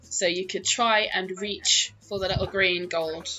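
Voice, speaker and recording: A woman's voice: mid-range voice, fairly even intonation, measured pace, sharp tone, soft background music. A woman narrating as dungeon master of a tabletop game, laughing often as she talks.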